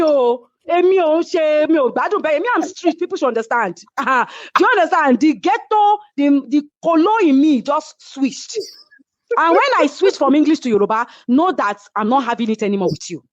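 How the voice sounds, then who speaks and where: A middle-aged woman with a Nigerian accent, a reality show cast member, tells a story in casual chat, animated and heated, slipping in Yoruba phrases. Her voice sits high and moves fairly quickly, with no echo, and the recording sounds slightly muffled and lo-fi.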